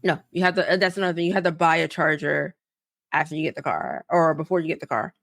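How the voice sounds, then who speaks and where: Animated young woman telling a story. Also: low voice, fast, vocal fry, no echo, studio quality. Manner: animated, profane, acts out both sides of conversations. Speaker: podcast co-host. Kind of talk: casual storytelling chat.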